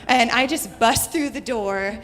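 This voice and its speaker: A woman's voice: fairly high pitch, measured pace, a bit bright, faint music behind. Young American woman, live storyteller, chatty and laughing, stage mic in a reverberant hall. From United States (Houston). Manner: chatty, laughs often, heavy use of "like". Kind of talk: personal story told live to an audience. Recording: reverberant hall, faint noise.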